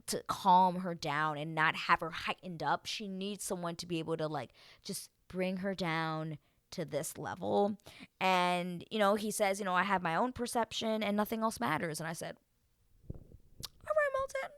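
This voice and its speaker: A woman talking through a reality TV recap in a casual, chatty way. Her pitch swings widely as she acts out the people she describes. The voice is a little low for a woman and the room sounds dry. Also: pushed and bright, no room sound. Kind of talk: casual chat.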